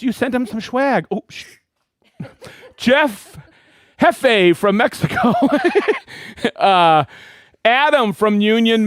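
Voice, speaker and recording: A man hosting a weekly live stream, reading out viewers' names and hometowns with excitement. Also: high-pitched, vocal fry, no room sound, studio quality. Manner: lively, reads viewer names and places with excitement. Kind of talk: live stream shout-outs.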